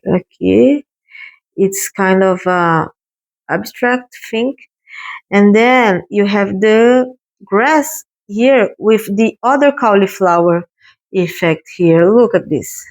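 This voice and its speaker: A woman talks a viewer through her watercolor work at an unhurried pace. Her pitch sits in an ordinary middle range. She sounds encouraging and chatty, thinking aloud as she paints. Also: darkish tone, rough recording. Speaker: watercolor artist hosting a painting video. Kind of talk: casual painting tutorial.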